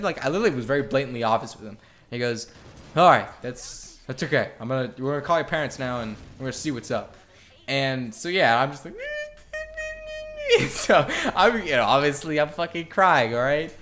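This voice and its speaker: A man's voice: medium pitch, a bit bright. A young man telling a story in a casual vlog, candid and rambling, with lots of swearing and filler words. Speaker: vlogger.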